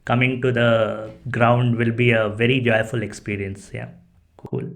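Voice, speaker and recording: A man's voice: medium pitch, level tone, unhurried, gravelly, fairly bright tone. Man, podcast host, gushing and chatty. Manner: effusive, repeats "right?" and "cool". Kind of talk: casual interview.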